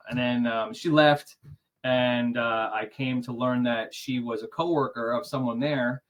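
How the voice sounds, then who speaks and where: A man in his forties, speaking at an average pitch, telling a personal story over a video call. He is animated and voices the other people in his story, with little chuckles as he goes. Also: normal speed. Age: 40s. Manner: animated, acts out quoted dialogue, chuckles. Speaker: interview guest. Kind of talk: casual storytelling.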